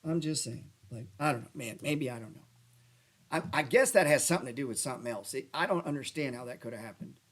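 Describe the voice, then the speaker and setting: A man hosting a casual stock trading show, rambling and cursing as he talks through charts and breaks into loud rants. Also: medium pitch, lively intonation, fast. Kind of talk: casual livestream chat over stock charts. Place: lives in New Orleans.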